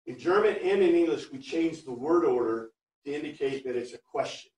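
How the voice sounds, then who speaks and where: A man teaching a Bible class, chatty and animated, reading Greek phrases word by word for his students. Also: a little high, fairly quick. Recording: echoey room, far from mic.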